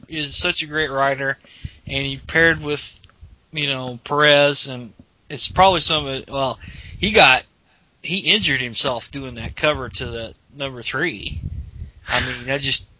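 A man's voice: mid-range voice, bright, forceful tone. A man hosting a podcast, chatting casually and rambling with many restarts over lo-fi call audio. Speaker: podcast host. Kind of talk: casual chat.

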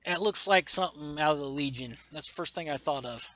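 A man's voice: on the high side, a little fast, bright, forceful tone. A man reading a comic aloud in casual chat, enthusiastically acting out the characters' lines with lots of fillers. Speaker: comic book podcast host.

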